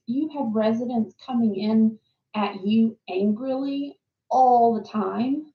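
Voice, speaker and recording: Rambling woman with a gravelly voice. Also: mid-range voice. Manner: rambling, frequent ums and word repeats. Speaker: host of a reflective talk series. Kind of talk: casual reflective monologue. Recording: roomy, slightly dull lo-fi recording.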